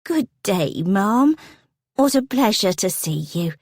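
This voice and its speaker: A woman's voice: medium pitch, lively intonation, slow, no room sound, clean studio sound. A woman doing a timid frail old housekeeper. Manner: timid, soft, apologetic.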